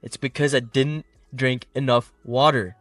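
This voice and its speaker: A man's voice: mid-range voice, steady tone, a little slow, fairly bright tone, dry recording. A young man co-hosting a casual podcast, telling stories in a laid-back way and swearing now and then. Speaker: podcast co-host. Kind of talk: casual chat. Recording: slightly distant mic, dry room, faint music.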